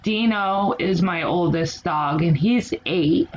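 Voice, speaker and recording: A woman's voice: lowish voice, slow pace. A middle-aged woman hosting a live stream, chatting easily and laughing often on a close desk mic. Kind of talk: casual chat. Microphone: desk mic close to keyboard. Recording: muffled lo-fi with noise.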